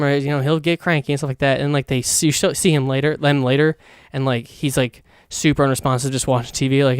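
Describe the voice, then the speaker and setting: A man's voice: medium pitch, fairly even intonation, quick pace, clean tone, no room sound, studio quality. A man hosting his own podcast, giving a casual, rambling, profane movie review full of fillers. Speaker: podcast host.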